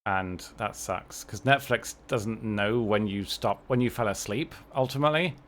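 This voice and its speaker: A man's voice: on the low side, moderate pace, slight background noise. A young adult man chatting casually and wryly on a livestream while playing a game, often restarting his sentences. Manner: rambling, self-correcting, wry. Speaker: streamer.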